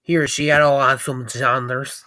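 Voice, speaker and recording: A woman's voice: a bass voice, level tone, a little slow, bright, forceful tone, no echo. A young woman giving casual reaction commentary, swearing a lot and laughing between surprised exclamations. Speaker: reaction video creator.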